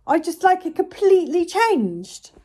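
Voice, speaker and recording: A woman vlogger venting casually to camera, retelling a frustrating complaint in an exasperated, animated way. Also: extremely high pitch, unhurried.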